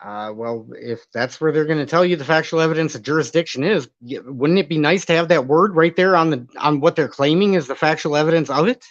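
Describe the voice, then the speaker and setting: Speaking a little fast with hardly any pauses, this man has a fairly high pitch and no room sound around him. It's casual live-stream commentary: he reads chat, rambles, argues back and occasionally curses, all through dull lo-fi audio.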